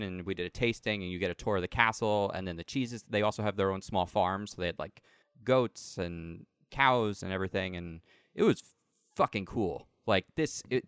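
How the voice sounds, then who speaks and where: A man's voice: low voice, smooth, no room sound, clean studio sound. A man telling a casual story in a chat, rambling and filling gaps with "like" and "um.". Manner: rambling, heavy use of "like" and "um".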